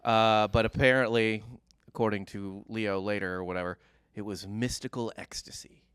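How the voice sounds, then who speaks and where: A man's voice: fairly low pitch, steady tone, moderate pace, a bit bright, clear, resonant tone, dry recording, clean studio sound. Man casually retelling history. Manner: joking, loose, swears casually. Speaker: podcast host, storyteller. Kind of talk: casual comedic history podcast narration.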